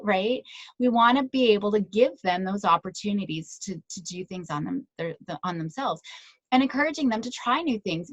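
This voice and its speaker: A woman's voice: medium pitch, no room sound. A woman psychologist giving a conversational talk to parents, often checking in with "right?" and telling stories about her own kids. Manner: conversational, tag questions and personal anecdotes. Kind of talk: presentation to parents.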